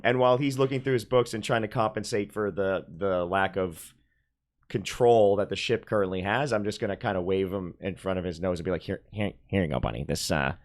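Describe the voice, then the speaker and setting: A man's voice: fairly low pitch, steady tone, brisk. A man playing in a tabletop game, describing his character's actions in a rambling, hesitant way. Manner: rambling, hesitant, with many restarts. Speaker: player.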